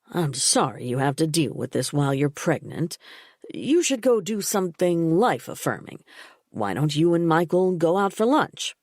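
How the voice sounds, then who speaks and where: A woman reading the part of a calm, patronizing older father in an audiobook, soothing and evasive. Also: low-pitched, no echo, studio quality, heavily acted.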